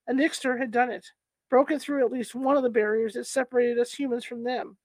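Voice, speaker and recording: A woman reading a novel aloud to listeners in a steady, even storytelling voice. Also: fairly high pitch, a little fast, no echo. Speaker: reader. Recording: dry close recording.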